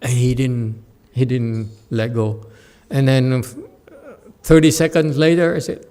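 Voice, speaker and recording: A man, a Buddhist master, giving a Dharma lecture as an animated, joking storyteller who acts out the people in his story. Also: mid-range voice, unhurried, clear, resonant tone. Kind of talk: sermon.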